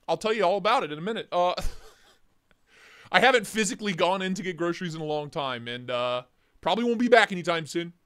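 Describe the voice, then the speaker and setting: A man's voice: high-pitched, fairly bright tone. A man hosting a casual morning livestream. He greets viewers by name, jokes and rambles. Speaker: livestream host.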